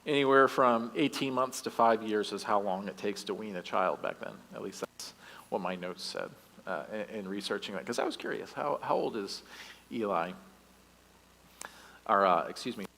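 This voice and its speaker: A youth director giving a sermon in church, reading scripture aloud and breaking in with joking asides. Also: male voice, lowish voice, moderate pace, creaky, a bit bright. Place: church sanctuary. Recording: long reverb of a church hall.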